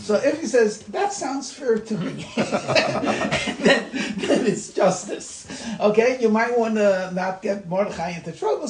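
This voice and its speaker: A man, a rabbi, giving an informal class talk, conversational and repeating his words as he goes. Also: high voice. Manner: conversational, repeats words, laughs at own examples. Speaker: rabbi leading a class discussion. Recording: echoey room with light noise.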